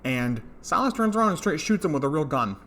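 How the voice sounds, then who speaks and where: A man's voice: fairly high pitch, very animated, fairly quick, a bit bright, slight background noise. Rambling man recapping a show episode. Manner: rambling, many fillers and "blah, blah, blah". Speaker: reviewer. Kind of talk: casual recap commentary.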